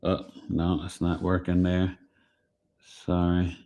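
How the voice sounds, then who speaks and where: A man hosting a home livestream in casual chat, playful and slangy, dropping rhymes and acting out quick quoted voices. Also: deep voice, completely flat delivery, warm tone. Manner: playful, slangy, rhyming asides. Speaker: astrology livestream host.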